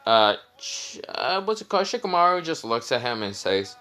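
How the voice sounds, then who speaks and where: A man's voice: medium pitch, big pitch swings, normal speed, hardly any pauses, pushed and bright, faint music behind. A young man casually retelling a fan story. He rambles with many fillers and self-corrections.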